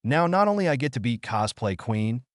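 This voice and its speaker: A man's voice: mid-range voice, very animated, moderate pace, dry recording, lightly acted. Man voicing boastful villain mage, taunting; dry storybook read. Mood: gloating. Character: cocky gloating male villain mage.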